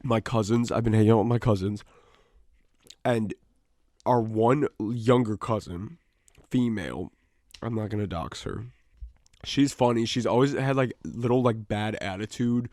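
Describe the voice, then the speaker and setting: A man's voice: on the low side, a little slow, long pauses, a little mellow, no room sound. A man co-hosting a podcast in casual chat, rambling through stories and swearing a lot, recorded on a studio mic. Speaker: podcast co-host. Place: small studio.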